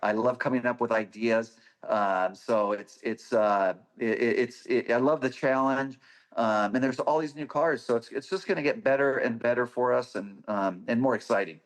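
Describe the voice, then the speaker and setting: A man of medium pitch and moderate pace appears as a podcast guest in a relaxed interview. He shares stories about designing parts, enthusiastic and anecdotal throughout.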